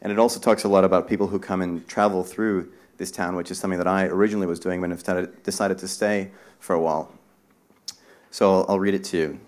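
A man hosts a live panel event, introducing speakers in a loose, unhurried way. His voice sits on the low side, and he often pauses with fillers as he gathers his thoughts. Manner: relaxed, hesitant with frequent fillers. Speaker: moderator of a panel talk. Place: live talk event in a bar venue.

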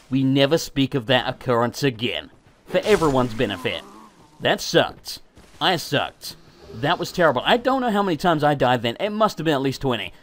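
A man's voice: sits high, a bit bright, a little hiss or hum. A man giving gameplay commentary, ranting in frustration, swearing a lot and laughing at himself. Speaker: let's play gamer.

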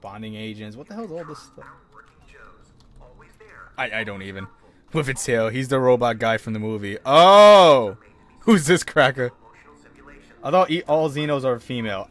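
A man's voice: medium pitch, big pitch swings, moderate pace, long pauses, a bit bright. A young man streaming a horror game, yelping and laughing nervously as he plays. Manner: jumpy, yelps and nervous laughter. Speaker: gaming streamer. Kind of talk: horror let's play commentary.

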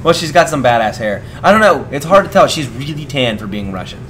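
A man co-hosting a video game playthrough in relaxed, chuckling casual chat. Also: mid-range voice, fairly quick, crowd noise. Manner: relaxed, chuckling, talks over gameplay. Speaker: let's play co-host.

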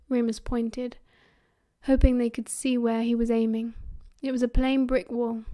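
A young woman with a British accent reads the story aloud, pitching her voice a touch high. She leans into each character's lines with lively, animated voices as she narrates. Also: a little slow. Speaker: audiobook narrator. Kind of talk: fan audiobook reading.

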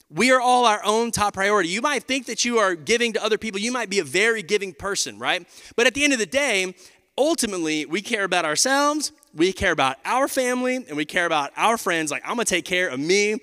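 Animated pastor in a reverberant hall. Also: male voice, high voice. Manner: animated and conversational, addressing the crowd as y'all. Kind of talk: sermon. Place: large church auditorium. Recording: live hall with long reverb.

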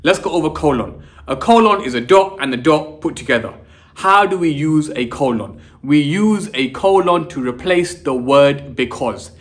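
Young teacher guy, energetic lesson, says guys a lot, slightly high voice. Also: moderate pace. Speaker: English teacher. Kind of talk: online lesson to students.

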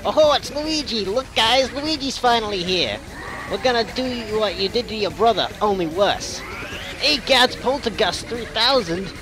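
A gang of cocky male ghosts taunting in a brash New York accent, as a young man puts them on. The voice is pitched high above his own and pushed loud. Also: lively intonation, unhurried, background noise. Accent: put-on New York.

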